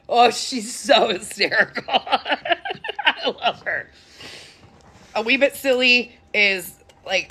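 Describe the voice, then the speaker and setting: A chatty woman runs a casual TikTok live stream from her phone camera at home. Her mid-range voice is bright, forward, and slightly rough, and she laughs often between stories.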